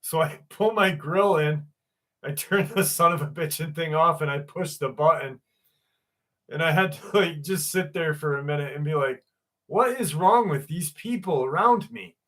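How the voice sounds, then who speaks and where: A man's voice: on the high side, moderate pace, fairly bright tone. A man chatting casually on a livestream panel, rambling through a story with fillers and swearing. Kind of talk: casual chat.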